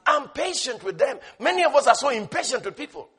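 A man preaching a sermon with passion, swinging from shouted lines to hushed asides. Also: extremely high pitch, sing-song, fairly quick, husky.

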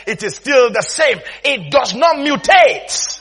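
A man preaching a sermon in an animated way, often laughing and breaking into shouts. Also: very high-pitched, takes it slowly, slightly rough.

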